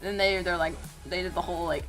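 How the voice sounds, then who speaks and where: A woman's voice: on the low side, steady tone, fast, fairly bright tone, faint music behind. A young woman telling a story casually as a streamer, profane and exasperated, with laughing squeals. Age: young adult.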